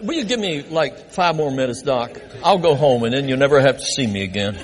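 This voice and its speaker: A crowd can be heard behind this older pastor as he preaches in a church sanctuary, his mid-range voice moving a little fast. He animatedly shares self-deprecating stories about his early days in ministry, and the hall adds a long reverb.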